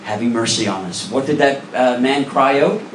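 A man's voice: mid-range voice, moderate pace, slight background noise. A male pastor preaching a sermon in a church, earnest and emphatic, pressing the congregation with direct questions. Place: church sanctuary. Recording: roomy echo, voice from a distance.

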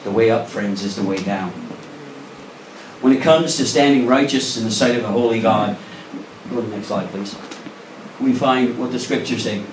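A man's voice: lowish voice, moderate pace, a little hiss or hum. Earnest male pastor preaching in an echoey hall. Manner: earnest preaching with rising emphasis and direct questions to the congregation. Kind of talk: sermon. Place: church sanctuary. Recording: roomy echo, voice from a distance.

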